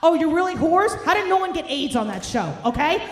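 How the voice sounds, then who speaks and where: A woman's voice: high voice, very animated, a little fast. A woman, doing a brash, profane, ranting stand-up set while hungover. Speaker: stand-up comedian. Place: comedy club stage. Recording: roomy club sound, faint noise.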